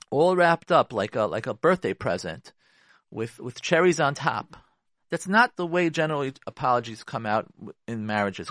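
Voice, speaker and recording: A man's voice: fairly high pitch, fairly bright tone, no room sound, clean studio sound. A man hosting a radio show, giving earnest marriage advice. He uses Yiddish and Hebrew terms and acts out both spouses.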